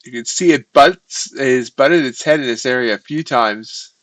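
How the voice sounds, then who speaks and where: A man's voice: medium pitch, moderate pace, a bit bright, no echo, poor audio. Man muttering live trading commentary. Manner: muttered self-talk over charts, wry asides. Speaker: futures trading streamer.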